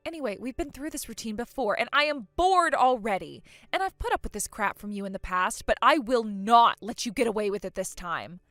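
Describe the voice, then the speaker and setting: Casting: a tired, exasperated older sister, dry delivery, bright tone. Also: female voice, fairly high pitch, no room sound. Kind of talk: acted story dialogue.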